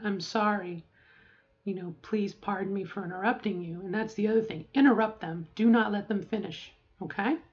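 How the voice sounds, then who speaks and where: A woman's voice: mid-range voice, highs cut off. A middle-aged woman talking casually to camera, rambling with asides and often checking in with "okay?". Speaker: vlogger.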